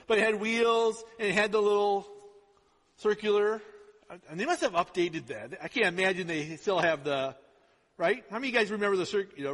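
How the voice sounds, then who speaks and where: A pastor with a high-pitched, pushed, bright voice preaches in a chatty, informal way. He often asks the congregation "right?" to check they're following. Long hall reverb surrounds his voice.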